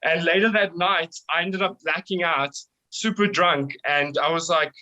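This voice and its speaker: A young South African man, a band vocalist, telling a wild tour story in casual, excitable talk, swearing freely and laughing often. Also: on the high side, moderate pace, dull audio.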